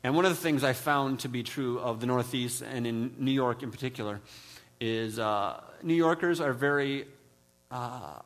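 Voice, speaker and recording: A man preaching a sermon, from the Midwest, telling humorous stories with frequent restarts. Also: fairly bright tone. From American Midwest. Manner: storytelling, self-deprecating humor, many restarts; mimics others with high put-on voices. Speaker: pastor.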